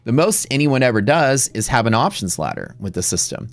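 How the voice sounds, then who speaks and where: A man's voice: mid-range voice, very animated, brisk, no echo. A middle-aged man hosting a live day-trading stream, telling a story in a blunt, profane, rambling way with many restarts.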